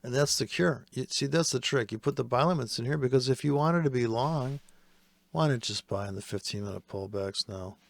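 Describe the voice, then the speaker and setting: A man's voice: mid-range voice, fairly quick, gravelly, no echo. A man giving casual, profane and sarcastic commentary while trading live.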